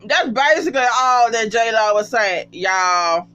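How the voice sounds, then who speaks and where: A casual reality TV recapper talking straight to viewers, often breaking into high, cracking laughter. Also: animated, a little slow, sharp tone, soft background music. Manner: chatty, addresses viewers as y'all. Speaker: TV show recapper. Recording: dull lo-fi sound with faint hum.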